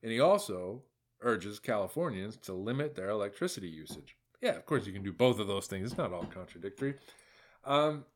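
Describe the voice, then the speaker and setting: A man's voice: fairly low pitch, lively intonation, brisk. A male podcast host giving a casual, rambling solo monologue in a sardonic tone, with many asides. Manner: sardonic, meandering, full of fillers and asides.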